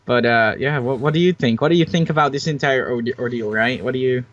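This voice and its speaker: A man's voice: medium pitch, fairly quick, fairly bright tone, no room sound. Young male podcast host, hesitant and opinionated, muffled dry home mic. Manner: hesitant, many fillers and restarts, opinionated. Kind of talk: casual podcast chat.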